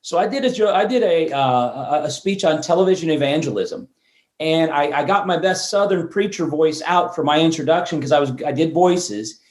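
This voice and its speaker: Man in his fifties, guest storyteller, voice on the high side, animated with restarts, echoey room. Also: moderate pace. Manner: animated storyteller who restarts words mid-sentence. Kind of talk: storytelling interview chat. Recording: roomy echo.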